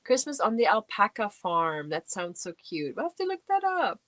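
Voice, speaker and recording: A woman's voice: mid-range voice, very animated, moderate pace, fairly bright tone, no echo. A middle-aged woman hosting a casual livestream, chatting away and reading out and answering viewer comments. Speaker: livestream host. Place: home crafting space.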